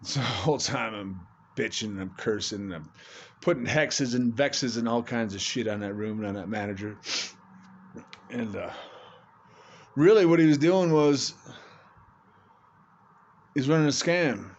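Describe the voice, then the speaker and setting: A man's voice: mid-range voice, a little slow, long pauses. A man telling a rambling comic true story in casual talk, cursing and laughing as he goes. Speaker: storyteller doing comedy shorts. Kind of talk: casual spoken anecdote. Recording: dull lo-fi with faint room noise.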